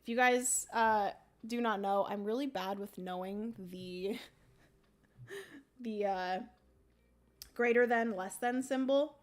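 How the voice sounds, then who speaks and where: A woman hosting a board game livestream, explaining the rules casually with many ums and a throaty morning voice that she keeps clearing. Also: on the high side, slow, long pauses. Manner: chatty, many ums, thinks aloud.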